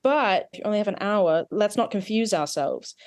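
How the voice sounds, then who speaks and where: A woman's voice: medium pitch, lively intonation, normal speed, darkish tone, dry recording. Woman dialect coach walking a student through mouth shapes, patient and technical, dry close sound. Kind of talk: accent coaching session.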